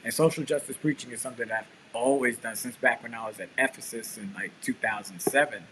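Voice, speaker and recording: A man's voice: medium pitch, fairly quick, slight background noise, poor audio. A man, a pastor and show co-host, telling a story in casual chat and acting out the quotes. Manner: animated storyteller, acts out quotes.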